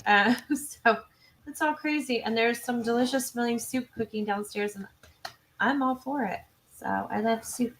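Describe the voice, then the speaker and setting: A woman hosting a true crime livestream, chatty and self-interrupting, reading viewer comments and adding quick asides. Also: fairly high pitch, a bit bright. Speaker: true crime channel host. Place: home.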